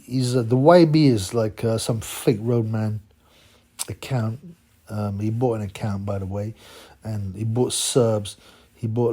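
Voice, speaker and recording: Male channel host, mocking rambling rant, warm low-key tone. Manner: mocking, rambling, full of fillers. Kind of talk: ranting commentary.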